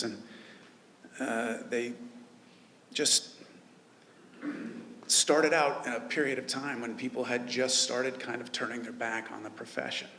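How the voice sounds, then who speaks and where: A man who runs a news website speaking at a memorial service, halting with many filler pauses. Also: mid-range voice, fairly even intonation, sharp tone, slight background noise. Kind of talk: memorial tribute speech. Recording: reverberant hall with faint ambience.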